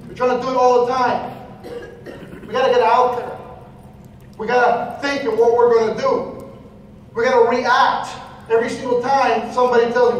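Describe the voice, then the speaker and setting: A male motivational speaker gives a preachy, repetitive seminar talk, repeating phrases and peppering the audience with questions. His very high voice is flat, at normal speed with long pauses. He sounds distant in an echoey hall, with faint noise and the highs cut off.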